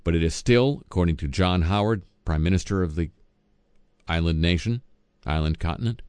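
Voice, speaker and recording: A man's voice: low voice, moderate pace, darkish tone, clear, resonant tone, dry recording. A man reading satirical news as host, dropping sardonic, wisecracking asides between items.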